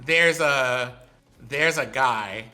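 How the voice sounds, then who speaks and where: A man's voice: medium pitch, very slow, faint music behind. A man in his forties co-hosting a casual gaming podcast, telling stories with playful teasing. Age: 40s. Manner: animated storyteller, playful teasing. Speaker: podcast co-host. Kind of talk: casual chat.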